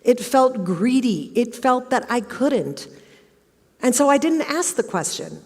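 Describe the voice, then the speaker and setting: A woman's voice: a little high, animated, unhurried, a little mellow, breathy edge. A middle-aged woman giving a motivational talk on stage, telling a personal story and acting out the questions she quotes. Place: large auditorium. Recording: long hall reverb.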